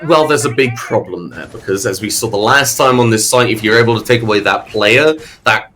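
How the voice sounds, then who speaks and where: A man calling an esports match play-by-play, energetic and quick with his calls. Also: lowish voice. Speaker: esports commentator. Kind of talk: play-by-play commentary.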